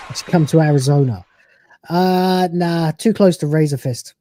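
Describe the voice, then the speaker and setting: A man's voice: fairly high pitch, a little slow, a crowd in the background, background noise. A man hosting a live stream, reacting to a video with profane, ranting commentary and frequent laughter.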